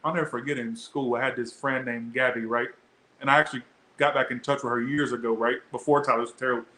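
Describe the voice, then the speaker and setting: A man's voice: mid-range voice, fairly even intonation, fast, sharp tone, reverberant, slight background noise, rough recording. A young man doing a casual tarot reading, chatty and blunt, swearing freely as he talks to his viewers. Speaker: tarot reader.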